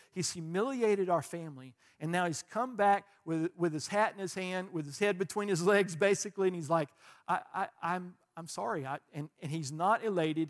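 A man preaching a sermon, stressing words loudly, then dropping quiet, and repeating phrases for emphasis. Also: high-pitched. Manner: emphatic, swings between loud stresses and quiet asides. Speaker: pastor.

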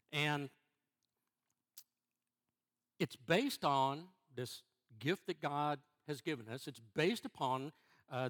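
A middle-aged man, a church elder, preaching a sermon in a halting way, repeating words and restarting before stressing key phrases. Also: mid-range voice, a bit bright.

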